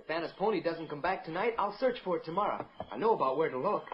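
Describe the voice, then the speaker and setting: A bright, lively young frontier lad, played by a man, polite and earnest, eager to please. It is 1940s radio acting, heard through a dull old broadcast recording. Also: a little high, quick pace, close to an everyday voice. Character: polite earnest young nephew, teenage boy.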